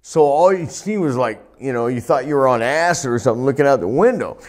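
A retired wrestler telling profane, laughing stories in a sit-down interview, recorded on a lapel mic indoors. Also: male voice, mid-range voice, quick pace. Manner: profane, laughing, animated anecdotes. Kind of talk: storytelling shoot interview.

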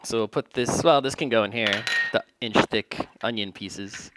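A man's voice: on the low side, normal speed, heavy background noise. Joking man narrating his home cooking. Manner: joking, rambling, self-deprecating. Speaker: home cook vlogger. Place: home kitchen.

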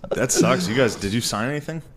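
A man's voice: medium pitch, fairly quick. A man co-hosting a podcast in casual comedic chat, blunt and profane, tossing off dry one-liners. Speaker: podcast co-host.

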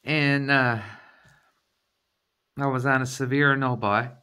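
A woman's voice: rumbling low, steady tone, slow, bright, forceful tone, smooth. A middle-aged woman vlogging a craft kit unboxing, explaining each item in a chatty, step-by-step way. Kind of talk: casual unboxing chat.

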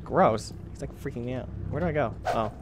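Talking fairly quickly at a medium pitch, a man plays a video game and offers goofy, mildly crude gameplay commentary. Game audio plays behind him in a noisy recording.

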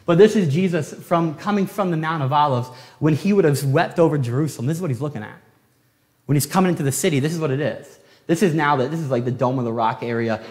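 A man preaching a sermon as pastor, telling the story with animated swings from loud to hushed. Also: mid-range voice, long reverb tail. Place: church sanctuary.

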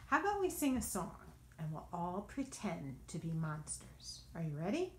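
A woman's voice: fairly low pitch, a little hiss or hum. A woman leading a children's library storytime, reading picture books and singing with the children. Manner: slow, sing-song and animated.

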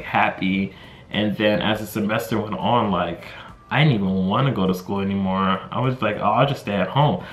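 A young American man tells a casual storytime to the camera, rambling and dropping lots of fillers like "you know" and "like." His voice sits on the low side with a slightly bright quality. The vlogger is recorded in an echoey room.

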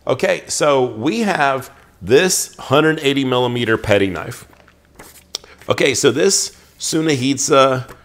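A man's voice: medium pitch, lively intonation, slow pace, fairly bright tone. A man hosting a show, giving a casual, chatty product review full of ums and restarts. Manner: chatty, filler-heavy, restarts sentences.

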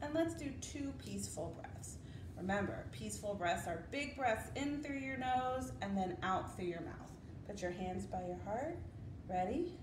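A young woman leading circle time for preschoolers as their teacher, talking slowly in a sing-song, coaxing way. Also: medium pitch, animated, reverberant, noisy background. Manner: slow, sing-song, coaxing children to repeat.

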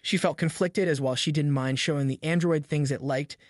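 A man reads a story recap in a steady, even voice that sits a little high for a male narrator. The sound is close and dry, with no room around it. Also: brisk, no room sound. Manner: even, steady retelling in third person.

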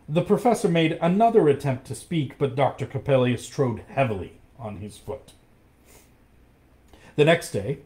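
A man reading a storybook aloud, expressive and acting out each character. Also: mid-range voice.

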